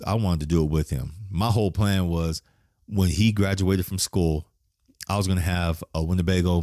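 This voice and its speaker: A middle-aged man with a very deep voice talks through a personal podcast monologue. He is raw and frank, swears freely, and gets emotional as he goes. The sound is close and dry, with no room around it. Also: a little mellow, no room sound. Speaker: podcast host.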